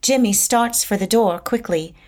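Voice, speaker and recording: A woman reading stage directions in a plain, measured narration. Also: a little high, a little mellow.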